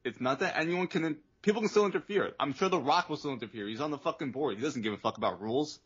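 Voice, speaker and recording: A man with a husky, mid-pitched voice lays out his reasoning at length, punching it up with swearing. The audio is dull and lo-fi. It is a casual podcast chat. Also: fast, fairly bright tone. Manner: emphatic, profane, explains at length. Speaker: podcast co-host.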